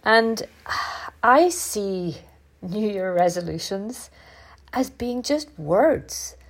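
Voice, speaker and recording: A middle-aged woman hosting a podcast, talking in a casual, reflective monologue. She sounds congested and stuffy-nosed, and she speaks candidly, her voice often jumping upward in pitch. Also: extremely slow. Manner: chatty and candid, with lively upward pitch jumps. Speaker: podcast host.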